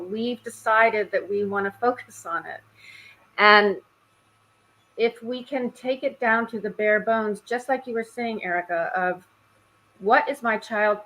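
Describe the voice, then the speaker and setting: A woman's voice: mid-range voice, pushed and bright, poor audio. A middle-aged woman, a mindset and spiritual coach, telling a candid story on a video call panel. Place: home in Florida.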